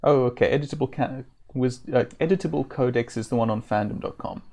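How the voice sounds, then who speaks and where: A man streaming a classic role-playing game, casually thinking aloud with frequent pauses and fillers. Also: medium pitch, darkish tone. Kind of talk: live-stream gameplay commentary.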